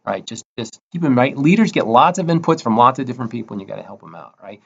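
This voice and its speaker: A man's voice: mid-range voice, lively intonation, fast, creaky, a bit bright, slightly rough, dull audio. A man giving a casual recorded course lecture, often tagging his points with "right?" and acting out bits of dialogue. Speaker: instructor.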